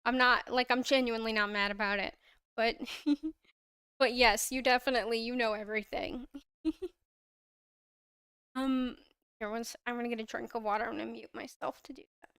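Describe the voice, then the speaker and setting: A woman's voice: on the high side, fairly even intonation, moderate pace, pauses often, a bit bright, clear, resonant tone, dry recording. A young woman chatting casually on her livestream, gushing about a fandom with frequent giggles and restarts, close to her own microphone. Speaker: livestream host.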